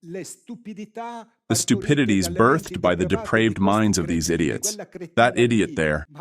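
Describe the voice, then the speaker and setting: A man's voice: low-pitched, lively intonation, measured pace, crowd noise. A man with an Italian accent giving an impassioned, indignant lecture at a conference, ranting and swearing at times. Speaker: conference speaker. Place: theatre with audience.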